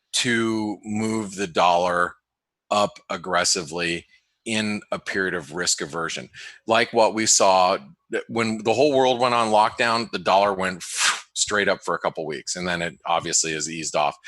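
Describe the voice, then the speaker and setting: A man hosting a webinar, giving casual market commentary in a halting way, full of restarts and fillers. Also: on the low side, bright, forceful tone, dry recording. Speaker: webinar host and market analyst. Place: home office in the desert.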